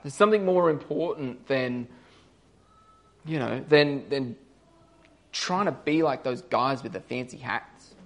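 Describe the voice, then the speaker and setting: A man's voice: medium pitch, expressive, a little slow, long pauses. Man preaching, casual storytelling. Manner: storytelling, acts out voices, rising to loud emphatic peaks. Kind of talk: casual sermon.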